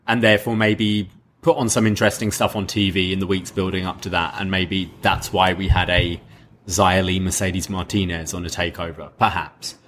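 A man's voice: low voice, little pitch movement, moderate pace, fairly bright tone, a little hiss or hum. A man co-hosting a podcast, chatting casually and hedging his opinions. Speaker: podcast co-host. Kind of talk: casual chat.

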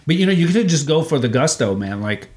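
A father in his thirties hosts a casual family podcast from a home sunroom, his slightly high voice very animated and quick. He's playful and teasing with his kids.

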